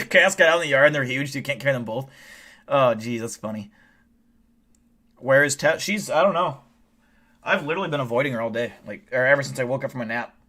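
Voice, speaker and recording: A man hosts his livestream, tired and a little drunk. His speech wanders and trips over restarts, with swearing dropped in casually. His voice sits at an ordinary mid-range pitch for a man. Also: brisk, long pauses, sharp tone. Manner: rambling and profane, with frequent restarts. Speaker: livestream host. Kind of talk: casual rambling livestream chat.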